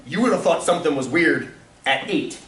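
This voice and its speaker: A man teaching statistics in a classroom, telling stories in an animated way and often laughing. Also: fairly high pitch, normal speed, a little hiss or hum. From Delaware. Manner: animated storytelling, acts out voices, laughs often. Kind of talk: classroom lecture. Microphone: far room mic. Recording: echoey room from far off.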